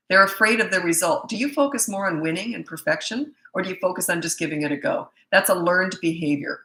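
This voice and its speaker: A woman's voice: fairly low pitch, sharp tone. A middle-aged woman, a parenting coach, bluntly and emphatically answering viewer questions in a live Q&A session. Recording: echoey room.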